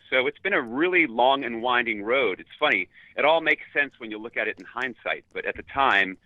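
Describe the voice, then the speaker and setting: A man's voice: medium pitch, no echo, narrow, tinny audio. A man from New York City answering interview questions in an upbeat, articulate way. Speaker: guest, leadership consultant.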